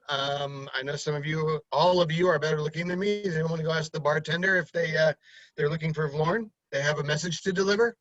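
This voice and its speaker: A man's voice: a little high, a bit bright, no room sound, highs cut off. A man playing in a tabletop game, joking and thinking aloud with frequent restarts. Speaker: player. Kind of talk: casual tabletop play.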